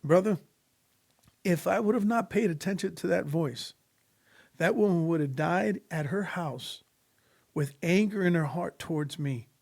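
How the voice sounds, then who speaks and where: A man's voice: high-pitched, measured pace, gravelly, a little mellow. A man telling a personal faith testimony in casual podcast conversation, earnest and preacherly, acting out the voices of people in his story. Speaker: podcast guest sharing testimony.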